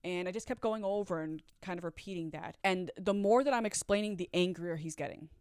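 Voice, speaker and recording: A woman's voice: lowish voice, a little fast, a little mellow, clean tone, no echo, studio quality. A young woman earnestly telling a personal story to camera, acting out what people said. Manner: earnest, emotional retelling with quoted dialogue.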